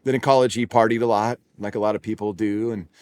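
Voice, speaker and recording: A man's voice: fairly low pitch, fairly even intonation, fast talker, a little mellow, dry recording. A man in his forties, a pastor with a Californian accent, telling a personal story in a sermon, conversational and self-deprecating with frequent restarts. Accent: Californian English. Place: church auditorium.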